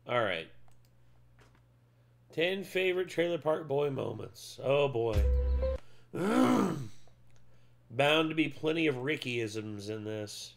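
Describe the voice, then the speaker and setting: Chill dude reacting to clips, talks slow, voice swoops up and down. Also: male voice, medium pitch, sing-song, vocal fry, faint music behind. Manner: drawling, laid-back, swears casually. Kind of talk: casual reaction commentary.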